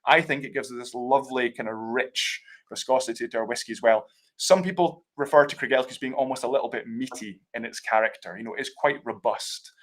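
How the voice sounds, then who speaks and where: A man's voice: medium pitch, brisk. A Scottish man leads a live tasting over a video call. He talks with enthusiasm and explains at length, with loose, chatty fillers and asides. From Scotland. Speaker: whisky brand ambassador.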